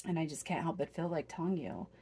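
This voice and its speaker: A woman talks through a tarot reading for her viewers in a husky, lowish voice. She is earnest and emotional, circling back and restarting her sentences as she goes. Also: fast, warm tone. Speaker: tarot reader.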